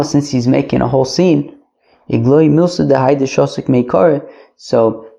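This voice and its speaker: A man's voice: mid-range voice, mellow, highs cut off. A man teaching a casual Talmud class, loose and chatty, sprinkling in Yiddish and Aramaic terms. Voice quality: gravelly.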